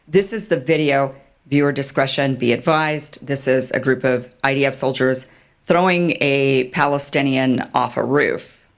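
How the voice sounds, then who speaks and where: A woman giving animated, sarcastic online commentary and mocking others with put-on quotes. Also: extremely low pitch, unhurried, gravelly. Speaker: political commentator.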